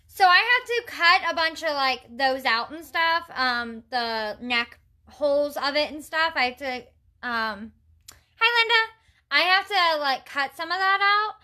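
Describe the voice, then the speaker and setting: Here a young makeup vlogger speaks in a high, animated voice at a measured pace, with a sharp edge. While applying makeup on a livestream, she chats casually, tells exasperated stories at length, and reads and says hello to people in the chat.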